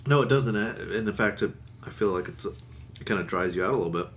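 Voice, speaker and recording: A man's voice: on the low side, fast. A man co-hosting a podcast, casually talking about a beer he is tasting at a friend's house. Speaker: podcast co-host.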